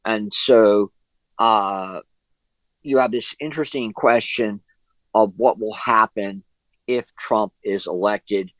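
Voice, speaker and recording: Low-voiced man leading a video-call discussion. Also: takes it slowly, no room sound, rough recording. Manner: hesitant, many fillers and restarts. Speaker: discussion group leader. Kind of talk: online discussion session.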